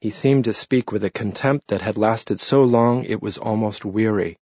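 A man narrating a novel in a measured, literary audiobook style. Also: lowish voice, a little mellow, breathy edge, no echo. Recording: dull lo-fi dry read.

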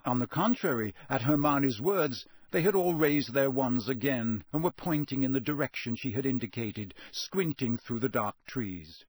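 A man reading a novel aloud as narrator, in a dramatic, expressive way. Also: mid-range voice, moderate pace, no echo. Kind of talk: audiobook reading.

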